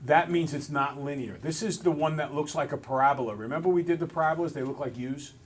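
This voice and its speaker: Relaxed male math teacher, slightly high voice. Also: fast, a crowd in the background. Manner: relaxed, talks through steps aloud, self-deprecating. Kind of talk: classroom lesson. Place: school classroom with students.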